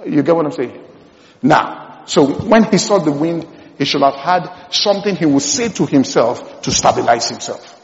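Emphatic preacher in an echoing hall. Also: male voice, a little high, lively intonation, normal speed. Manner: emphatic, repeats phrases, swings between loud and hushed. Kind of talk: sermon. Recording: dull sound in a long-reverb hall.

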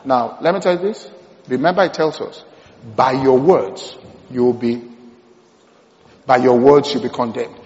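A man preaches with emphasis, repeating his key lines and dropping from loud bursts to near hushes. His voice sits fairly high for a man. It rings through a reverberant church hall, captured with a dull, muffled quality. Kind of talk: sermon.

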